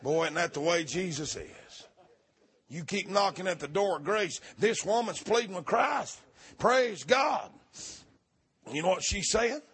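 A man preaching a fervent sermon, often breaking into shouts. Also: sits high, animated, measured pace, husky.

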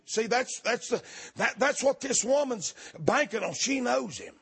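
A man preaching a fervent sermon, often breaking into shouts. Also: very high-pitched, expressive, measured pace, vocal fry, slightly rough.

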